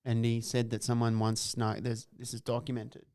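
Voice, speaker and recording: A laid-back man telling a story on a podcast, his voice smooth and resonant at a middling pitch. The close mic sounds dry and near. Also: completely flat delivery, normal speed, dark tone, no room sound. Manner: laid-back storyteller, swears, laughs through stories. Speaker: podcast co-host. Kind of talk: casual chat.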